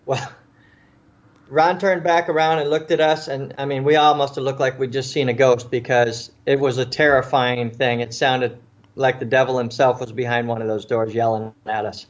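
A man's voice: medium pitch, level tone, normal speed, lo-fi sound. A man, a police officer and author, recounting a tense story in an interview, with frequent restarts and repeated words. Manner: vivid storyteller, acts out quoted voices.

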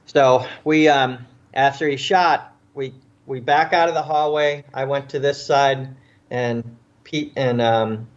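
A man's voice: medium pitch, fairly even intonation, slow pace, lo-fi sound. A man, a police officer and author, recounting a tense story in an interview, with frequent restarts and repeated words. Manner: vivid storyteller, acts out quoted voices.

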